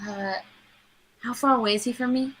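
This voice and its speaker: A woman's voice: on the high side, fairly even intonation, moderate pace, fairly bright tone, husky, rough recording. A woman playing a tabletop game, hesitantly asking questions and restarting her sentences. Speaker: player.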